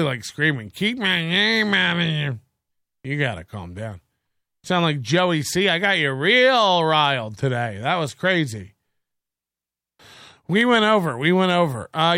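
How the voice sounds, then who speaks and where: A man with a fairly high voice hosts a casual solo livestream and rambles between sarcasm and swearing. He breaks off now and then to thank viewers for their donations. The sound is close and dry, with no room echo. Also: fairly bright tone. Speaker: livestream host.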